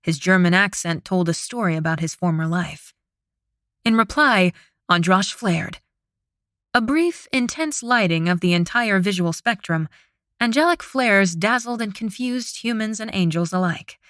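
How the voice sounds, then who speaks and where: A woman narrating an audiobook with a steady, dramatic reading, close to the microphone. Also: fairly low pitch, normal speed, no echo. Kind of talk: scripted narration.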